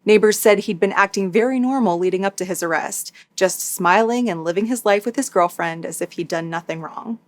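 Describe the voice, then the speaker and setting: A woman hosting a true crime recap, reading a scripted narration in a steady, matter-of-fact way with dry asides. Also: medium pitch, brisk, hardly any pauses. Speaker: true crime YouTuber host.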